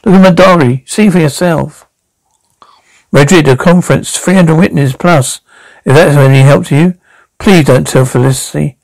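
A man playing a nervous married middle-aged suspect who denies things quickly and pleads, in an amateur radio drama reading. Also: fairly high pitch, darkish tone, no room sound, lightly acted, rough recording. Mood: defensive.

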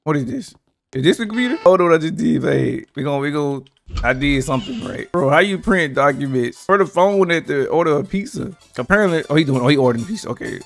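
A man's voice: fairly high pitch, lively intonation, fast talker, vocal fry. Guy playing a scary game, voice jumping all over, jumpy and scared, talks to chat, some music under it. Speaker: gaming YouTuber. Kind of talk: casual gameplay commentary.

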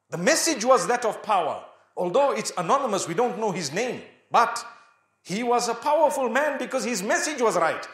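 A man's voice: high voice, a bit bright, echoey room. A man preaching a sermon, asking rhetorical questions and chanting Arabic verses. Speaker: Islamic preacher.

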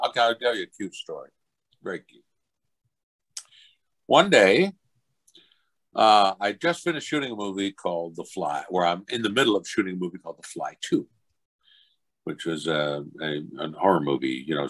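An older man, a voice actor, telling anecdotes in an interview and acting out other people's voices. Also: rough recording. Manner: animated, acts out other people's voices in high pitch. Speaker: voice actor guest.

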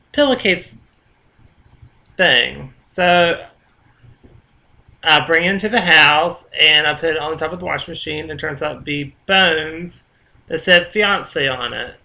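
Man vlogger, fairly high and very bright voice, chatty, swears freely, rambles. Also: gravelly. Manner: loose, chatty storytelling with cursing and asides. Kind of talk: casual rambling vlog.

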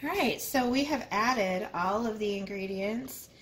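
A woman's voice: mid-range voice, a little slow, roomy sound, slight background noise. A woman hosting a home cooking video, chatting casually as she explains each step. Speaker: cooking channel host. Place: home kitchen.

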